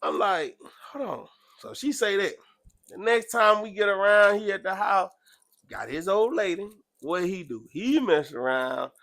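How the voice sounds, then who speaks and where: A man chatting casually, telling a story with animated, loud acted-out quotes. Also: a little slow, vocal fry, dry recording. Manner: animated, acts out quotes with sudden loud jumps in pitch. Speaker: podcast host.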